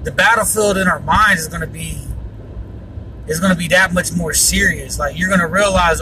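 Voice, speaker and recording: On his personal faith podcast, a high-voiced man talks earnestly at a moderate pace, rambling with lots of fillers and frequent yawns. He sits far from the mic, and the recording is noisy.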